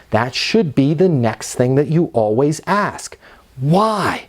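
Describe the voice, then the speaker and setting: A middle-aged man giving an energetic, emphatic sales training talk, sometimes acting out both sides of phone calls. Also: on the high side, slow pace. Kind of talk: instructional talk with role-played phone calls.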